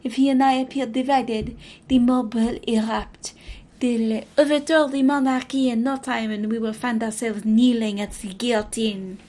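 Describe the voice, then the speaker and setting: Woman doing a french accent queen reading her journal, proud n troubled, dramatic, kinda high voice. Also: steady tone, normal speed, warm tone, close to an everyday voice. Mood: regal, grave. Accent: put-on French accent.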